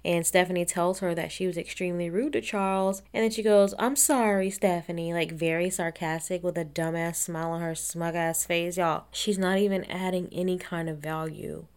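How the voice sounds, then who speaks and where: A woman's voice: fairly low pitch, fairly even intonation, normal speed, hardly any pauses, clean tone. A woman giving a casual, blunt and sarcastic recap of a TV episode, swearing and laughing often. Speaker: reality TV recap host.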